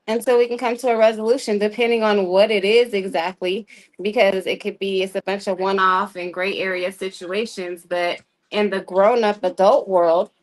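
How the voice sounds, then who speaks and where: A woman's voice: mid-range voice, low-quality recording. A woman panelist giving straightforward opinions in a casual panel discussion over an online call.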